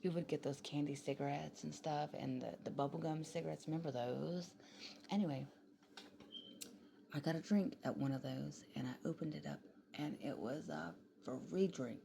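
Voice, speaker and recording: A woman's voice: low-pitched, moderate pace, vocal fry, dark tone, a little hiss or hum. A tired young woman, rambling casually into her phone late at night at home, swearing freely and slipping into whispers. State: tired and yawning. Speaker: vlogger.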